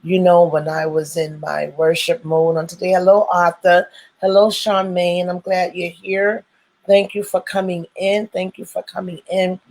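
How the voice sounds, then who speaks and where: A woman's voice: lowish voice, little pitch movement, a little slow, darkish tone, low-quality recording. A woman hosting her own live stream, greeting viewers over and over in churchy, welcoming phrases. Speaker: host of a live stream show.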